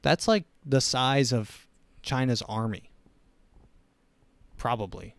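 A man's voice: mid-range voice, slow, fairly bright tone, dry recording. Give me a sarcastic young male podcast host rambling in a dry, close-miked room. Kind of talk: casual comedic monologue.

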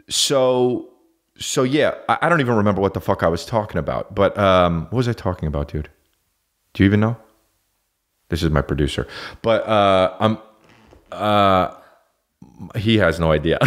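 A man hosting a podcast, rambling through a profane, self-mocking comedic monologue that keeps going off track. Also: low voice. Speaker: podcast host.

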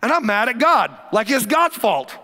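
Male pastor, sermon delivery: high, bright, sharp-edged voice, animated and emphatic. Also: normal speed. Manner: animated, emphatic, repeats key phrases. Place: church stage.

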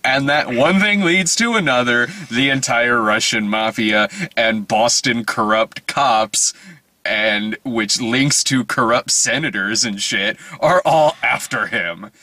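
A man with a bright, forward voice chats casually through a movie review, wandering off on tangents. He swears freely and breaks into laughter often. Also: medium pitch, takes it slowly, dry recording. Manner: rambling, profane, laughs often. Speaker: movie review podcast host.

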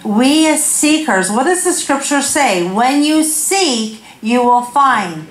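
A woman's voice: sits high, expressive, slow. Woman, 50s, guest preacher; frank and funny, self-deprecating; hand mic, reverberant sanctuary. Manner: candid, self-deprecating storytelling with laughs. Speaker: guest speaker. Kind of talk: humorous sermon. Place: church sanctuary. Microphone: handheld corded mic. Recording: echoey church hall.

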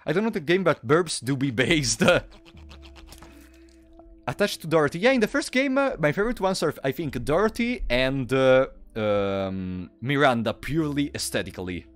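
A man giving casual live-stream commentary while playing, excitable and quick to thank donors out loud. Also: mid-range voice, soft background music. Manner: excitable, thanks donors loudly, restarts often.

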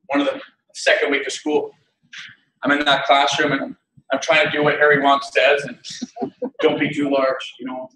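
A man giving a keynote talk, telling funny stories about himself with animated delivery and frequent laughter. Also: medium pitch, moderate pace, long pauses, background noise. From Canada. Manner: animated, self-mocking, laughs often. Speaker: keynote speaker. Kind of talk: humorous storytelling keynote. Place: conference hall. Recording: echoey hall, mic at a distance.

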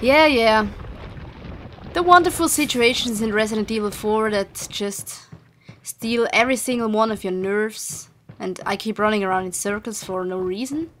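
A woman's voice: medium pitch, moderate pace, a little hiss or hum. A young woman commentating her video game play casually, frustrated and swearing often at the game. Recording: game music behind the voice.

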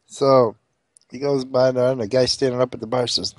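A man telling a long rambling joke, animated, with frequent asides like checking the listener follows. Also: mid-range voice, normal speed, no echo. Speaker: joke teller.

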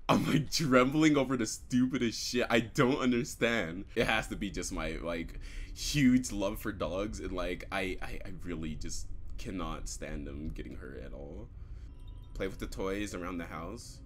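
A man's voice: on the low side, big pitch swings, slow pace, pauses often, fairly bright tone, soft background music. A young man commentating a horror game he plays, swearing often, jumpy and screaming at scares. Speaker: gaming YouTuber.

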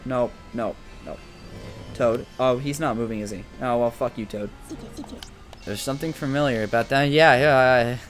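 A young man giving casual, excitable gameplay commentary with frequent swearing, shouting at characters in the game. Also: mid-range voice, normal speed, faint music behind. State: sore tongue from a cold sore. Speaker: gaming video creator.

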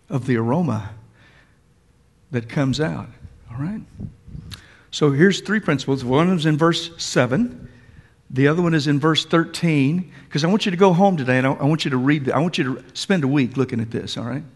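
A man's voice: a little high, husky. A man preaching a sermon to a congregation in a church, emphatic and repetitive, talking straight to his listeners. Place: church sanctuary. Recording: long hall reverb.

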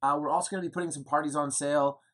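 A man's voice: a little high, steady tone, rapid-fire, fairly bright tone. Chatty man rambling through updates. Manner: chatty, rambling, with fillers and self-deprecating jokes. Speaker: winery co-owner giving updates. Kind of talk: casual video update. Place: indoors at home in the evening.

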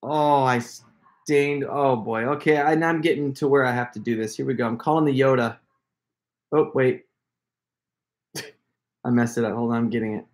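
A man's voice: mid-range voice, moderate pace, pauses often. A man hosting a casual livestream from a room at home, chatting in a rambling way and breaking into laughter as he talks to viewers. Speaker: prank caller hosting a livestream. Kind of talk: casual live-stream chat.

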